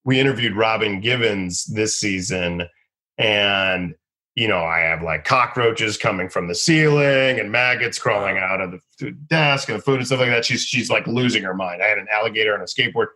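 A man in his thirties, a comedian guest, telling stories casually and acting out people in high excited bursts. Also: moderate pace. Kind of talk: casual storytelling.

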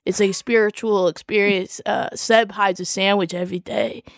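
A woman's voice: mid-range voice, steady tone, moderate pace, gravelly, dry recording, clean studio sound, lightly acted. A woman playing a goofy, eager adventurer raised by pigs in an improvised comedy role-play, giggly and rambling. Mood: earnest.

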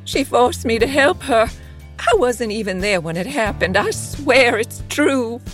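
A woman's voice: fairly high pitch, animated, a little slow, soft background music, voice pushed up. Woman doing a groveling old nanny, pleading. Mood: begging.

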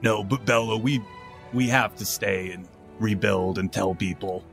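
A big, imposing father in a tabletop game, speaking low, quiet and grim, as the game master voices him. The voice stays muted and heavy, and he speaks gently to his family. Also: flat delivery, a little slow, gravelly, faint music behind. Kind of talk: tabletop role-play voice acting.

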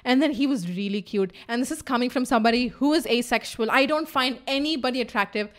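A young woman tells a story at a rapid clip, excitable and peppered with swearing. Her voice sits fairly high, and the talk is loose, casual chat between friends. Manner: fast, excitable, swears a lot. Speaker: podcast host.

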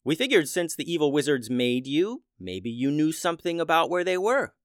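A man voicing an excitable young male hero in a children's story. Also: on the high side, moderate pace, no echo, studio quality, voice pushed up. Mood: casual. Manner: yelling, excitable.

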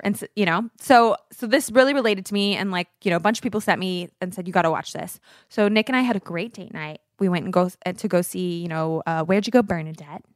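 A woman's voice: fairly low pitch, fast talker, no echo, clean studio sound. A woman in her thirties, a podcast co-host, telling a long personal story in casual chat, full of fillers and acted-out quotes.

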